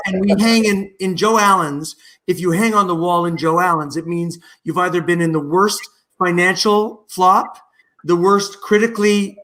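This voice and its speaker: Give me a middle-aged actor with a high voice, chatting animatedly and rambling through a story. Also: male voice. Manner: lively, animated, rambling with many restarts. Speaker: guest, musical theatre actor. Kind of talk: anecdotal storytelling in a video-call interview.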